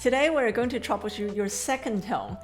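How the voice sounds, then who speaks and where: Mandarin-native female teacher, 30s, calm and clear for a tone lesson. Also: medium pitch, over music. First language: Mandarin Chinese. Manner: clear, measured explanations with slow modeled drills. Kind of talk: scripted language lesson.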